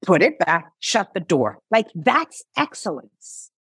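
A woman in her thirties talks through her story as a guest in an interview. Her voice sits fairly low but leaps up and down with lively expression. She acts out her own past lines, and the sound is dry, with no room echo. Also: takes it slowly, breathy edge. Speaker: founder and CEO, interview guest. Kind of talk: conversational interview.

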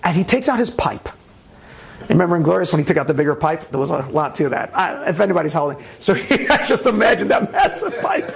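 A man telling a story casually, animated, with frequent restarts and laughter. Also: fairly high pitch, fast talker, vocal fry.

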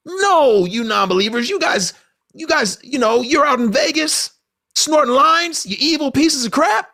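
A shrill, scolding older brother, full of scorn and self-righteousness, pitched far above a normal speaking voice, as a man puts him on. The voice jumps up and down as he sneers. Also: lively intonation, unhurried, sharp tone, full character voice. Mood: sneering scorn.

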